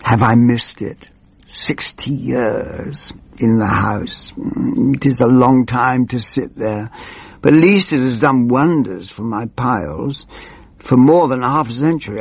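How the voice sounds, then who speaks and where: A man playing a gravelly, rambling old politician. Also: lowish voice, no room sound, dull audio, exaggerated voice. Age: older. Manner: meandering, wandering off and losing his thread. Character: doddering old male politician, rambling and pompous. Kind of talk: comic character monologue.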